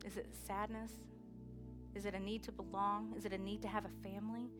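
A woman preaching a sermon with energetic call-and-response exhortation. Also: mid-range voice, fairly quick, over music.

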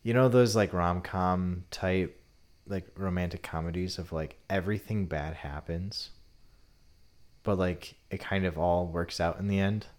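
Low-voiced man retelling a story. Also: measured pace. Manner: relaxed retelling, often drops to a quieter tone. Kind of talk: casual storytelling.

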